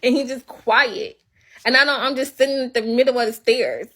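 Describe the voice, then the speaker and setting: A woman's voice: a little high, normal speed, a bit bright. A young woman livestreaming from home, telling a story as an indignant, swearing rant. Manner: indignant, venting, swears freely. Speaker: livestream host.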